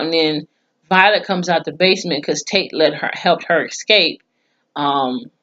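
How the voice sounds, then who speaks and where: A woman's voice: low voice, a bit bright, highs cut off. A woman recapping a TV episode in a casual vlog, blunt and profane, acting out the characters' lines with mock quotes. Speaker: TV show reviewer.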